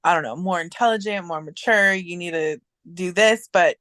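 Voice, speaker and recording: A woman's voice: fairly low pitch, normal speed, fairly bright tone, dry recording. A woman as a podcast guest in casual chat, telling a rambling story with many restarts and fillers.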